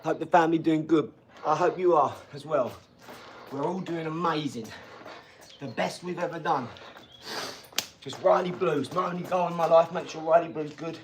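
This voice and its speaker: A man's voice: on the high side, moderate pace, pauses often. Man, casual vlog chat, upbeat rambling, faint background hiss. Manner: upbeat, rambling, hypes viewers. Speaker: vlogger. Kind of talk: casual vlog talk while training.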